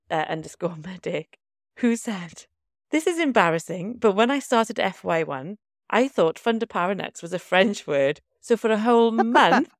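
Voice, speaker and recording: A woman in her thirties from Wales with a light Welsh accent, co-hosting a casual medical podcast and telling stories in a chatty, animated way. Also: medium pitch, no echo, studio quality. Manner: chatty, animated storytelling with laughter. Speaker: podcast co-host, doctor. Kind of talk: casual chat.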